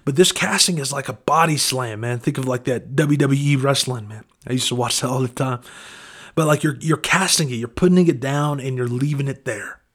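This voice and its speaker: A man's voice: medium pitch, normal speed, fairly bright tone. A man preaching a casual devotional talk, conversational and earnest, often saying "man" and "you know".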